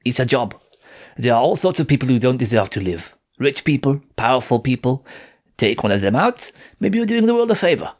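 Man doing a young french woman assassin, high voice, curt, snappish, cold and guarded, audiobook figure. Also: sing-song, a little fast, a little mellow.

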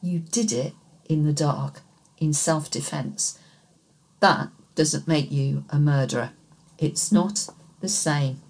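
A cold, precise male killer speaks in a hushed, clipped way, read by a woman with a low voice. The lines are measured and controlled, as in an audiobook thriller. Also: heavily acted. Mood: calm, firm. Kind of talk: audiobook dialogue.

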